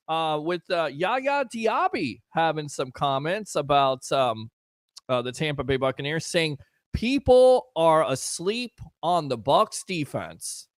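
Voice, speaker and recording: High-voiced, sarcastic sports talk host man. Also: no room sound, studio quality. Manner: sarcastic, riffing, chatty with listeners. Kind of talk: casual sports talk show.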